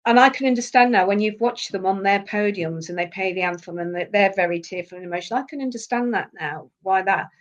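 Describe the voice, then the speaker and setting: A woman's voice: mid-range voice, fast talker, few pauses, lo-fi sound. A woman guest on a podcast, speaking with heartfelt emotion and often repeating herself when moved. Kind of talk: emotional interview conversation.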